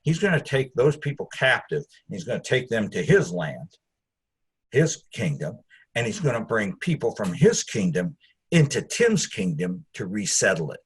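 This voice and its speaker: A man's voice: lowish voice, big pitch swings, moderate pace, breathy edge. A man teaching a Bible study, conversational and digressive, with asides to his listeners.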